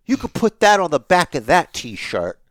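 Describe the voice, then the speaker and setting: Middle-aged guy ranting on a podcast, high pitched, swears a lot, dry sound. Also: wildly swooping pitch, normal speed, dry recording. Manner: ranting, profane, emphatic. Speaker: podcast co-host. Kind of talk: casual wrestling podcast chat.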